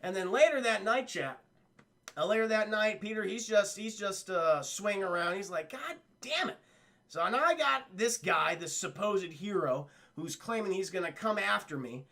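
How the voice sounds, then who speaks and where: A man's voice: sits high, animated, moderate pace, bright, forceful tone. A young man streaming a casual cartoon recap, rambling and swearing as he talks to his chat. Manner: rambling, profane, addresses chat.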